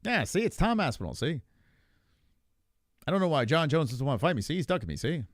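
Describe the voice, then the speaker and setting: Brief: man doing a 1940s transatlantic wise guy, clipped and raised in pitch, dry close sound. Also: very animated, brisk, no echo. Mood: mock-tough. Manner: clipped 1940s gangster-broadcaster delivery, tags "see". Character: man with an old-timey transatlantic "see" voice.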